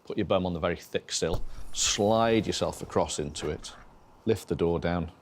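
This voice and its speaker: A man telling stories in a relaxed, wry way during an interview. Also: sits low, normal speed, a little hiss or hum. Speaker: expert commentator. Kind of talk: interview comments. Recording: music bed under voice.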